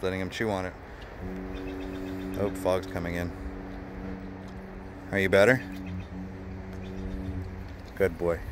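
A man's voice: low-pitched, background noise. A man working as a dog trainer, talking outdoors while he plays with a dog, praising it and explaining its behavior as he goes. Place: outdoors at a park.

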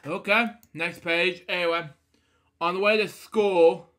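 Bright, halting man reading a storybook. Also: sits high, steady tone. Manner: halting, stumbling reading with fillers and side comments. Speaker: storybook reader. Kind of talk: reading a picture book aloud with asides.

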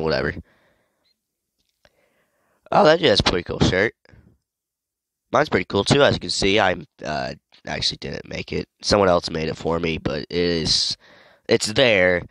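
Young male gamer, sick, low voice with a bouncy lively swing, rambling play-by-play and sudden yelps, dry close sound. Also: unhurried, long pauses, no echo. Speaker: gaming video creator. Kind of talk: casual gameplay commentary.

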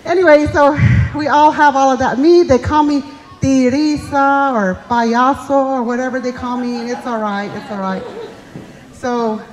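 On stage at a community fundraiser, a middle-aged comedian spins self-deprecating, chatty tales, voicing each character herself. She speaks at a normal speed in a high voice with fairly even intonation, and live hall reverb surrounds her.

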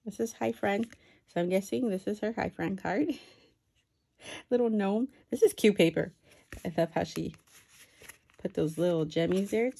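A woman chatting excitedly while unboxing a craft swap package, with self-deprecating asides. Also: on the low side, gravelly, a little hiss or hum. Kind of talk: casual unboxing commentary. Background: paper crinkling and clicks.

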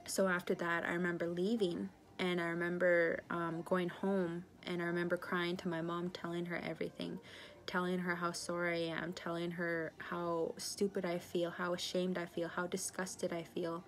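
Woman about 30, from northern british columbia, canada, confessional testimony, halting with many ums, low voice, flat delivery. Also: a little hiss or hum. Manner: halting, with frequent pauses and fillers; earnest, confessional storytelling. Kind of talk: personal recovery testimony.

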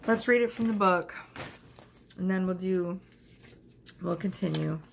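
A woman's voice: lowish voice, unhurried, creaky, a little hiss or hum. Chatty woman reading tarot cards. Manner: chatty, animated, lots of fillers. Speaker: tarot reader.

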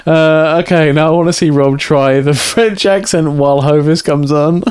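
A man's voice: on the high side, fairly even intonation, moderate pace, a little mellow, clean tone, no room sound. A man chatting casually to his viewers while streaming a game, rambling, swearing and laughing often. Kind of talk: casual live-stream chat.

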